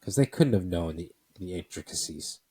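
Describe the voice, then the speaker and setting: A man co-hosting a podcast, speaking in a hesitant, halting casual chat. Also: low-pitched, animated, warm tone, husky, no echo. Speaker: podcast co-host.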